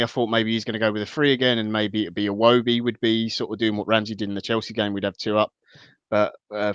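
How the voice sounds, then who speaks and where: A man talking football as a podcast guest, measured and thinking aloud, over slightly dull call audio. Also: lowish voice, a bit bright, smooth, no echo. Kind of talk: casual football analysis.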